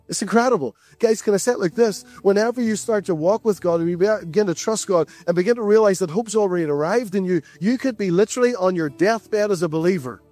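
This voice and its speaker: Brief: male preacher, fairly high voice, earnest and repetitive delivery, dry sound with faint music behind. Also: a little mellow, no echo. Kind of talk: sermon.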